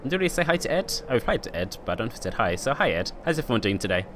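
Young guy commenting on his game, lively up and down voice, bit of game hum behind. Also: medium pitch, racing. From United Kingdom. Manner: chatty, joking, talks to chat. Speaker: streamer. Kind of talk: casual gameplay commentary.

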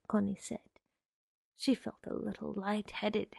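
A woman giving a measured, deliberate literary reading of a short story. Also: medium pitch, gravelly, darkish tone, dry recording, studio quality.

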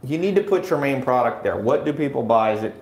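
A man hosting a live show, critiquing viewers' websites in a blunt, joking and animated way. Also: mid-range voice, quick pace, reverberant.

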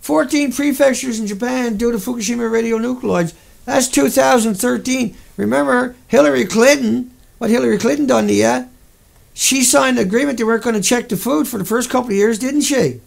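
Give me a high-voiced man ranting on his livestream, indignant, swearing, rambling. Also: a little fast, vocal fry. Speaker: livestream host. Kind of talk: angry livestream rant.

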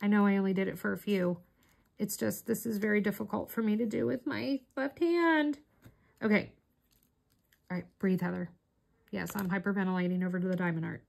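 A woman's voice: mid-range voice, fast, vocal fry, a little mellow. Chatty middle-aged woman crafting vlogger. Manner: rambling, chatty storytelling. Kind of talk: casual chat while doing diamond art.

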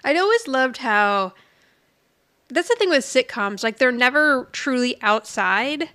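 Woman podcast co-host, highish bright voice, chatty giggly recap. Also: expressive, unhurried. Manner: chatty, giggly plot retelling. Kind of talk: casual episode recap chat.

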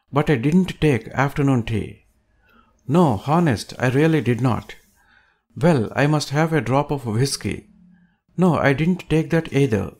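A man reading an audiobook aloud with a measured, emphatic delivery. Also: medium pitch. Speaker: audiobook reader.

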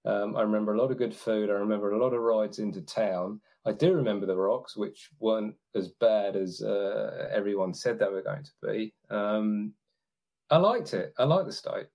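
A man's voice: on the low side, normal speed, darkish tone. A man chatting as a podcast guest, hesitant, with lots of ums and restarts. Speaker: guest, long-distance hiker. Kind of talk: casual podcast chat.

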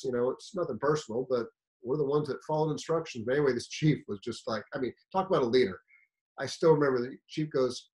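A man from the United States giving a fire service career seminar, telling a story in an animated, emphatic, conversational way. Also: a little high, low-quality recording.

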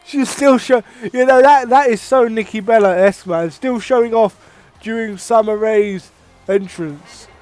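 Young man, high voice, excitable, profane, game commentary with sudden outbursts. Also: a little slow. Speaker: gaming channel host. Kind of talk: casual play-by-play game commentary.

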